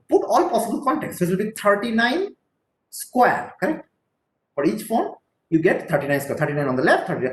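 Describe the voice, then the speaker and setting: A middle-aged man with an Indian English accent lectures on a technical subject, pausing often to ask "right?". His pitch moves a lot as he explains. The room is echoey, with a faint hum of ambience behind him. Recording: roomy echo with faint ambience.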